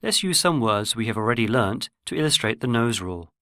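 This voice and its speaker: Male narrator for a language course, measured and explanatory, mid-pitched, dry close recording. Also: sing-song, sharp tone, dry recording. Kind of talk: scripted lesson narration.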